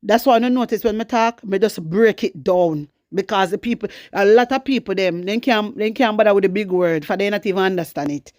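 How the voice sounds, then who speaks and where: A woman's voice: mid-range voice, fairly quick, few pauses, darkish tone, no echo, clean studio sound. A Jamaican woman hosting her own channel, ranting bluntly and fierily about politics, slipping into patois as she speaks to her viewers. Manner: blunt, fiery, switching into patois. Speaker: political commentary vlogger. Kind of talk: casual political rant to viewers.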